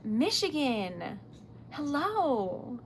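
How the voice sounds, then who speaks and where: A woman's voice: high voice, big pitch swings, drawn-out words, a little hiss or hum. A young woman livestreaming while she crafts, chatting casually in an emotional, giggly way with lots of fillers. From Rhode Island, US. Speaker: livestreaming small-business owner. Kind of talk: casual live-stream chat while crafting.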